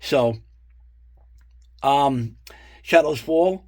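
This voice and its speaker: In a mid-range, darkish voice that draws out its words, a middle-aged man rambles through casual show-and-tell storytelling about his guitar picks. The talk is profane, loose and full of fillers and asides.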